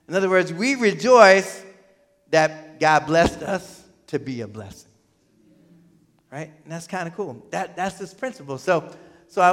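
A man preaching a sermon as pastor, animated, swinging from emphatic peaks to quiet asides. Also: sits high. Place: church hall. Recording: hall reverb.

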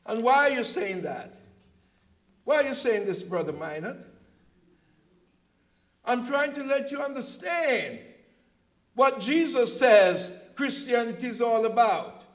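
A male preacher giving an impassioned sermon, telling stories from his church's food pantry and at times rising to a shout. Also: extremely high pitch, expressive, unhurried, long pauses, low-quality recording. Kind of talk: sermon with storytelling.

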